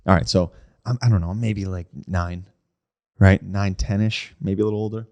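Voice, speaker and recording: Low-voiced man telling a spooky story. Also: normal speed. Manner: animated storyteller, acts out quoted voices, frequent "like" and "right?". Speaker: podcast co-host. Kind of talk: casual storytelling chat.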